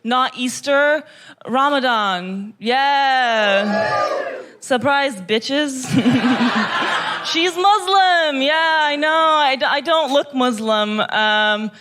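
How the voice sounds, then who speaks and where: A woman from Kazakhstan doing stand-up in a comedy club, her voice sitting high. She drawls her lines slowly, gushing with mock sweetness that turns every compliment sarcastic. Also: crowd noise, background noise.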